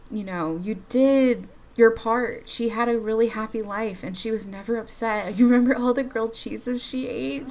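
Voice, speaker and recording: Woman voicing a gentle comforting mom. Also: a little high, a little hiss or hum, lightly acted. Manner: soft, reassuring. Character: gentle middle-aged mother comforting her daughter.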